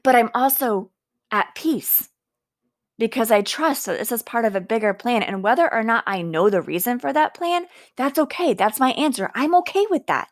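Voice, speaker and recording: A woman in her thirties talks through a personal reflection on her podcast. Her delivery is earnest and faith-filled, and she slows down to lean into the words that matter most. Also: a little high, lively intonation. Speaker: podcast host.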